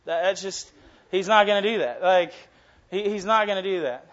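A man's voice: high voice, normal speed, a bit bright, dull audio. A young man in his twenties preaching a casual, earnest sermon that swells into passionate emphasis. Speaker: youth preacher.

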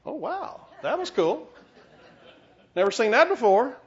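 A man voicing a terrified eighteenth-century preacher in a shrill, frantic yelp. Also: sing-song, measured pace, breathy edge, full character voice. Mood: panicked. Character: panicking 18th-century male preacher, terrified. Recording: dull lo-fi recording.

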